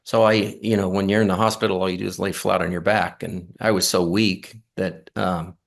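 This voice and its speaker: Middle-aged guy, kinda low voice, earnest and halting, lots of ums and restarts. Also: level tone, gravelly. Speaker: near-death experience guest. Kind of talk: casual storytelling.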